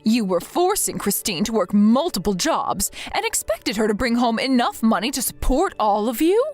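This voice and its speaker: A woman's voice: a little high, very animated, moderate pace. A woman reading the lines of a worried mother-in-law who scolds her son, in a scripted text-message story. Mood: scolding. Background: faint background music.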